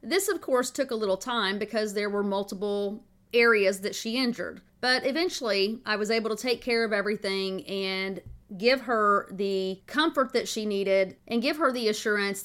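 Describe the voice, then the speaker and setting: Woman, podcast host, folksy storytelling, bright tone. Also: mid-range voice. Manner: chatty, warm storytelling with folksy asides.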